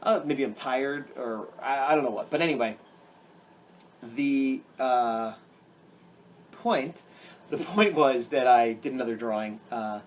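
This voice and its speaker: Male vlogger, casual and rambling, mid pitch, faint background noise. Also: measured pace, pauses often. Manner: rambling, many fillers and restarts. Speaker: comic artist vlogger. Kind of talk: casual chat over drawing.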